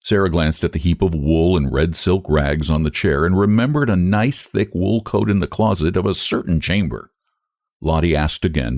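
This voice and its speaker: A man reading a classic short story aloud in a measured, expressive narrating voice. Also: extremely low pitch, no room sound, clean studio sound.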